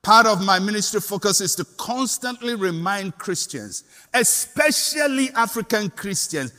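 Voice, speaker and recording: An older Ghanaian man preaching a sermon as pastor, impassioned and rising to shouts on repeated declarations. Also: high voice, lively intonation, measured pace, in a large hall.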